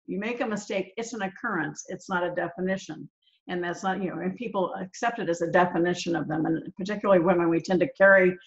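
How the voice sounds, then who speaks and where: A woman's voice: fairly low pitch, dull audio. A woman hosting a podcast interview, agreeing and building to emphatic points. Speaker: podcast host. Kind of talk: casual interview chat.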